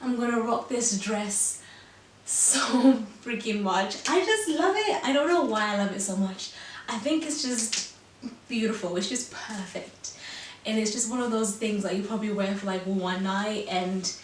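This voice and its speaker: A fashion vlogger tries on clothes in a casual haul chat, bubbly and giggly and a little out of breath. Her voice is mid-range and unhurried, with a little hiss or hum, and she sounds distant in an echoey room.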